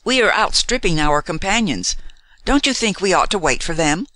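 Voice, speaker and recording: A frank, cheerful young woman, as a man reads her lines, her raised voice swinging up and down with lively energy. She speaks brightly and openly in a storybook, recorded close and dry. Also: sits high, moderate pace, no echo, pitched above the performer's own voice.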